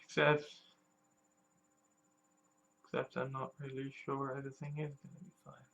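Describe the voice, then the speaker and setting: A frightened vlogger speaks straight to camera, voice mid-pitched and unsteady. The talk comes in halting bursts full of swearing and restarts, the sound of someone genuinely scared. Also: monotone, vocal fry, fairly bright tone, lo-fi sound. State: scared and distressed. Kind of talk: personal political vlog.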